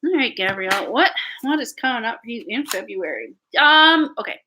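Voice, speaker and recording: A Canadian woman doing a live tarot reading, chatty and halting, often repeating her words as she talks to viewers. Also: a little high, sing-song, background noise. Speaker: tarot reader.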